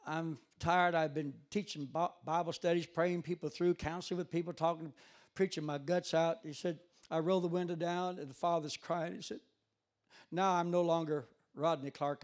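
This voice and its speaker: A man preaching a sermon, retelling a story with quoted dialogue and building to loud, emphatic peaks. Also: a little high.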